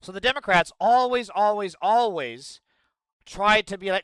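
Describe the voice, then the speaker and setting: A man's voice: high voice, very animated, normal speed, bright, forceful tone, no room sound. A man ranting and swearing through political commentary on a live stream, scolding his chat. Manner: profane, ranting, mocking chat.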